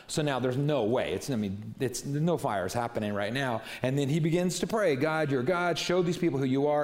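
A middle-aged man preaching a sermon, retelling scripture in casual, animated storytelling. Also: mid-range voice. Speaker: pastor.

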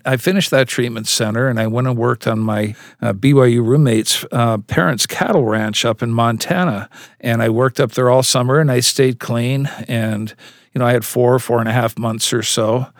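A man's voice: mid-range voice, moderate pace, no echo, clean studio sound. A man as an interview guest, earnestly telling a personal story and acting out the dialogue. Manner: earnest, acts out quoted dialogue.

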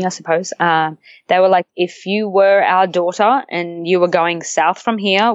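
A young woman, a guest telling a story in a relaxed, chatty way, often laughing and acting out the voices of the people in it. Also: mid-range voice, no room sound, dull audio. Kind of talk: casual storytelling interview.

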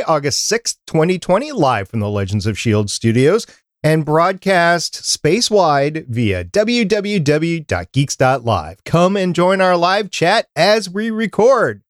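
A man's voice: on the high side, very animated, measured pace, no echo, clean studio sound. A man from Minnesota hosting a fan podcast, chatty and rambling in casual talk. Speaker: podcast host.

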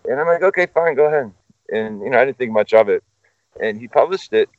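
In this dull, dry lo-fi clip with no room sound, a man with a fairly low voice talks fast. He's a guest in a relaxed chat, telling a story full of profanity and tangents in an animated, rambling way.

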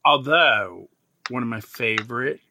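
Male podcast host, bright and dry, chatty and effusive. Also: mid-range voice, unhurried, no echo. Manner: gushing, animated storyteller who acts out quoted remarks. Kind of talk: casual chat.

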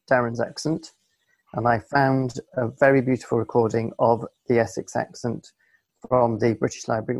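A man's voice: mid-range voice, creaky, darkish tone, dry recording. A man co-hosting a podcast from home over a video call, with casual banter in a dry, self-mocking, mock-pompous manner. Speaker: podcast co-host.

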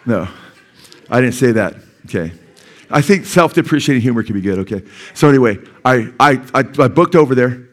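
A middle-aged male pastor preaching in a church, telling stories in a conversational, animated way with frequent asides to the congregation. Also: mid-range voice. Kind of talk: storytelling sermon.

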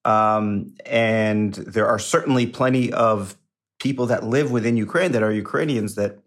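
A man being interviewed as a journalist, explaining things in a measured way with some fillers. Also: on the low side. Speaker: journalist guest.

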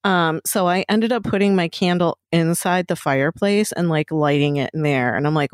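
A middle-aged woman co-hosting a casual chat, telling animated stories and swearing freely. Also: lowish voice, slow pace, pauses often, no room sound, clean studio sound.

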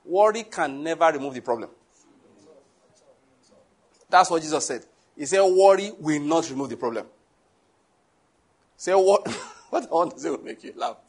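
Laughing pastor with a husky voice. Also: male voice, on the high side, moderate pace, long pauses. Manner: lively preaching with laughter and asides to the congregation. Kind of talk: sermon.

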